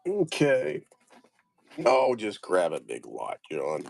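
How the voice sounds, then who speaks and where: A man's voice: mid-range voice, huge pitch swings, slow, gravelly, dry recording. A man casually talking through a lot of postcards, muttering place names one by one and trailing off. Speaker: postcard reseller. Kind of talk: casual commentary sorting postcard lots.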